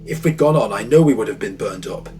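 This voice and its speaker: A man's voice: fairly low pitch, animated, quick pace, dark tone, soft background music, close to an everyday voice. A man voicing a frightened middle-aged grandmother who pleads and soothes a terrified child, lifting his voice slightly above his narration. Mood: panicked.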